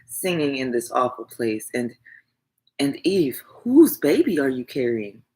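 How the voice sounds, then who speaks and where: A woman's voice: very deep voice, very animated, unhurried, mellow, husky, exaggerated voice, poor audio. A woman voicing a stern, wealthy, middle-aged mother who scolds her grown daughter in an audiobook. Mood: reproachful. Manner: reproachful, indignant.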